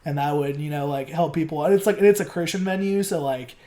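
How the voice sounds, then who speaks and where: A man's voice: on the high side, quick pace, warm tone. A young man talking casually as a podcast guest, rambling and filling his speech with "like". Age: young adult. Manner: rambling, loaded with fillers like "like" and swearing. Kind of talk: casual chat.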